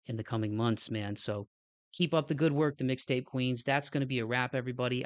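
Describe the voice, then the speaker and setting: Medium-pitched and steady, the man talks a little fast, with no room sound. He's hosting a podcast and giving a laid-back outro in a stuffy, nasal voice, slightly breathless, earnest and wandering, with "man" popping up often.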